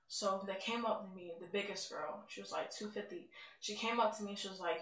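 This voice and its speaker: A woman's voice: medium pitch, fairly even intonation, fairly quick, fairly bright tone. Woman, candid personal testimony, conversational, roomy echo, mic set back. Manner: candid, conversational, emotional retelling. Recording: roomy sound, mic at a distance.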